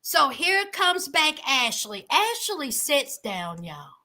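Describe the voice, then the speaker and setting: A woman hosting a casual reality TV recap, animated and exclaiming, talking straight to her viewers. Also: high-pitched, slow.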